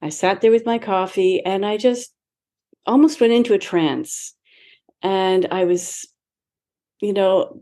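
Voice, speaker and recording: A woman's voice: medium pitch, mellow. A woman in her seventies, a guest in an interview, telling a personal story in a reflective way, acting out past conversations and laughing lightly now and then. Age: 70s. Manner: reflective, acts out her own past dialogue, laughs lightly between remarks.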